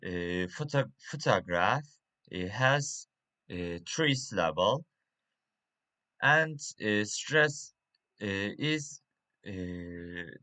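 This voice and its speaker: Slow, halting man with a bright voice. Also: lowish voice, animated. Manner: slow and halting, with many fillers and restarts. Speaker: English teacher. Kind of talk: reading a pronunciation lesson.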